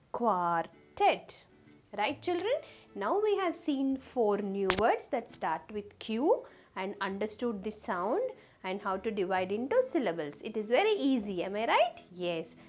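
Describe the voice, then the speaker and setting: A woman teaching a children's phonics lesson, slowly sounding out letters and asking the class questions. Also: medium pitch, very animated, soft background music.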